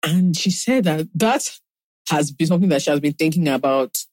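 A woman co-hosts a podcast in relaxed, chatty talk. She tells stories animatedly and laughs often. The sound is dry and close. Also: low-pitched, normal speed, no room sound. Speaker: podcast co-host. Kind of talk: casual chat.

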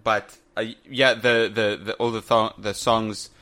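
Bright-voiced man joking about old games. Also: on the low side, little pitch movement, a little slow. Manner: joking, chuckling, repeats short phrases. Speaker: podcast co-host. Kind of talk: casual chat about a retro video game.

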